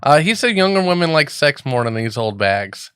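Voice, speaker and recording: A man co-hosting a radio talk show, his voice smooth and clear. His banter is loose and profane, with laughs running through it. The mic sounds dry and close, with no room around him. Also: fairly high pitch, sing-song, moderate pace, a bit bright, dry recording. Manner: loose, swearing, laughs often. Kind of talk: casual banter.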